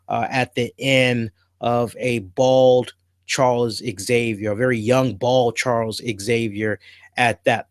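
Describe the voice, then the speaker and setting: A man hosting a show, casually and excitedly reviewing ads in slangy talk. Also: mid-range voice, no room sound. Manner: enthusiastic, slangy, retells scenes with put-on voices. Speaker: podcast host.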